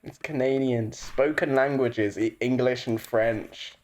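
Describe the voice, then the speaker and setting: A man's voice: mid-range voice, steady tone, unhurried, darkish tone, a little hiss or hum. A man co-hosting a casual film review podcast, laid-back, laughing often and swearing casually. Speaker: podcast co-host.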